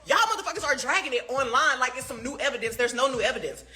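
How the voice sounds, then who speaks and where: A woman's voice: high-pitched, fast, sharp tone. A woman on a heated social media rant, firing off profane rhetorical questions with laughing asides.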